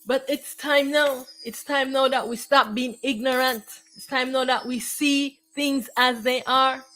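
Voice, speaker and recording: Preachy woman, fairly high voice. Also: steady tone, unhurried, sharp tone, faint music behind, rough recording. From Jamaica. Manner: preachy, repetitive, declamatory. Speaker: spiritual teacher. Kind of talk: spiritual monologue.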